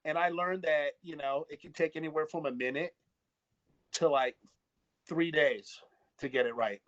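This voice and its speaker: Animated, foul-mouthed studio engineer man. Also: a little high, moderate pace, highs cut off. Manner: animated storyteller, swears freely, acts out quotes. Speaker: recording engineer and producer guest. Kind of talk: casual video-call chat.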